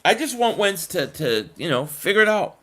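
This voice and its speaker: A man hosting a casual live stream, answering chat comments in an animated, emphatic way with frequent restarts. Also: high-pitched, moderate pace.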